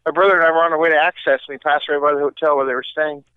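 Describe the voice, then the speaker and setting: A man co-hosting a podcast in casual chat, an easygoing storyteller with quick comebacks, heard over a tinny phone-like line. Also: fairly high pitch, fairly even intonation, clear, resonant tone, no echo. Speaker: podcast co-host.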